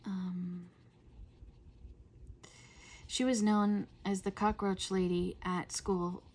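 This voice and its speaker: A middle-aged woman hosting a coloring video, chatting in a rambling way and often dropping to a soft whisper. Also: medium pitch, flat delivery, drawn-out words. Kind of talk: casual chat while coloring.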